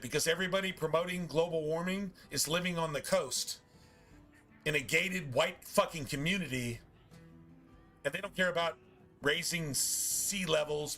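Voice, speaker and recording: A man's voice: a little high, gravelly, a bit bright. A man streaming a game and ranting casually, swearing often in a preachy, emphatic way. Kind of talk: casual rant while gaming.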